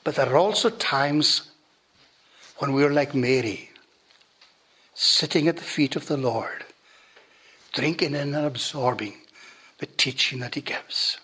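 A man preaching a sermon and leading a prayer, slow and deliberate, often dropping to a hush at the ends of phrases. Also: mid-range voice, husky. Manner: slow, deliberate preaching that drops to hushed endings.

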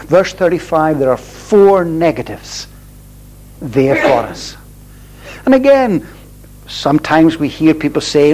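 A man delivers a sermon with slow, deliberate emphasis, leaning hard on repeated phrases. His voice sits a little higher than most men's. A faint hum runs under the recording. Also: lively intonation, darkish tone, poor audio. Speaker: preacher.

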